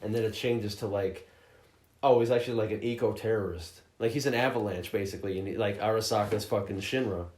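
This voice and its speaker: A man hosting a casual podcast chat, telling a game's story in a profane, animated way, often slipping into mocking voices. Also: fairly low pitch, a little fast. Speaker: podcast host reviewing a game. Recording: roomy echoey room.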